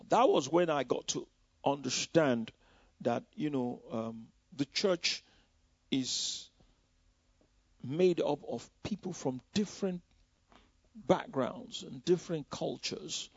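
A man's voice: mid-range voice, gravelly, darkish tone, husky, dry recording. A man from Nigeria, preaching a personal testimony in a loose, conversational way with many "you know" asides. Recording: dull, dry lo-fi recording.

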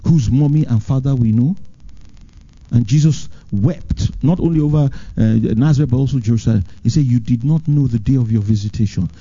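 A pastor preaches a sermon with animated delivery, swinging from high, emphatic lines to low, drawn-out ones. The recording has its high frequencies cut off.

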